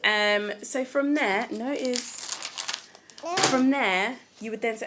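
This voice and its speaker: A woman speaking at home in a casual self-help talk, gentle and earnest, often restarting her sentences. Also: fairly high pitch, takes it slowly, very noisy. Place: at home with a small child nearby.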